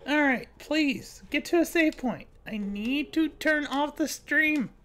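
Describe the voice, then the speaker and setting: A woman's voice: sits high, slow, a bit bright. A woman chatting casually while she plays a video game and records it. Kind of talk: casual let's play commentary.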